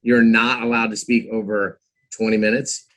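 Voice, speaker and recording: A man's voice: on the low side, flat delivery, normal speed, fairly bright tone. A man around fifty, a podcast guest telling his story casually, with lots of "you know"s and acted-out quotes of his own past thoughts. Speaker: guest, former trader and author.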